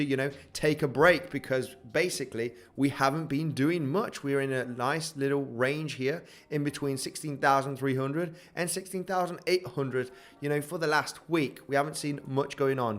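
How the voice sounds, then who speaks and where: A man hosting a casual crypto trading livestream, upbeat and hyped, greeting chat viewers and filling with "you know" and "guys". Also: on the high side. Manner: upbeat, hypes the chart, greets chat viewers by name, says "guys" a lot; filler-heavy, many "you know" and restarts.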